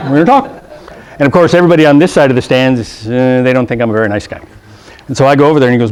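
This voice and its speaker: A middle-aged man with a mid-range, slightly mellow voice and a fast delivery leads a classroom rules session for football officials in a meeting room. Joking and blunt, he tosses in "okay?" and acts out coaches' lines in funny voices as he tells anecdotes.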